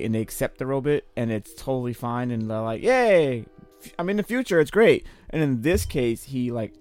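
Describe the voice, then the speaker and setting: A man's voice: medium pitch, clean tone. Wry, joking man chatting on a podcast. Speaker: podcast co-host. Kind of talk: casual chat about an old film.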